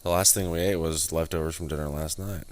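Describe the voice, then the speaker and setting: A man's voice: extremely low pitch, steady tone, a little fast, a little mellow. A man co-hosting a podcast, chatting casually, swearing freely and jumping in with details. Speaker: podcast co-host. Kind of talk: casual chat.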